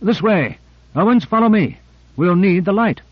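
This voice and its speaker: A brisk man barks quick directions to his team, voiced by a male narrator a little higher than his own. He sounds focused and in charge. The recording is dry and muffled. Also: animated, no echo. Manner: brisk, commanding.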